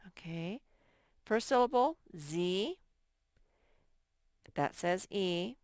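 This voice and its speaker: A woman's voice: fairly low pitch, clean tone, no echo, clean studio sound. A woman teacher giving a recorded phonics lesson to young children, patient and thinking aloud as she works. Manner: slow, patient, thinks aloud while sorting words.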